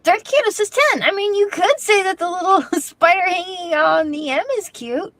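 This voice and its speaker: A woman's voice: very high-pitched, fairly even intonation, moderate pace, a bit bright, a little hiss or hum. A woman co-hosting a casual livestream, reading out viewer scores playfully and giggling. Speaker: co-host reading chat.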